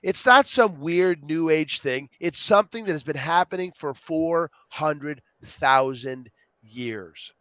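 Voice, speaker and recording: Animated man telling stories, higher voice. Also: slow, no room sound. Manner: animated storyteller, acts out quotes. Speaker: guest, youth program co-founder. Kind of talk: podcast interview.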